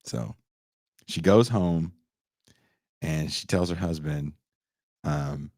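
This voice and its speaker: A young man hosting a podcast, retelling a movie in casual, profane chat and putting on quick voices for its characters. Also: rumbling low, no room sound, studio quality. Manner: profane, animated storytelling with put-on character voices. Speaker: podcast host.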